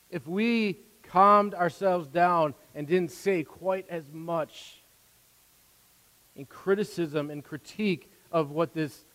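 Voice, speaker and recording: A man preaching a sermon as a pastor, earnest, repeating words as his volume swings from soft to loud. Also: high-pitched, in a large hall, poor audio.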